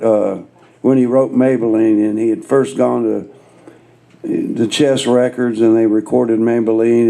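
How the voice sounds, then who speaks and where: Male guitarist, gravelly and mellow, relaxed live storyteller. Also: mid-range voice. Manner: laid-back, self-mocking anecdotes. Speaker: guest guitarist.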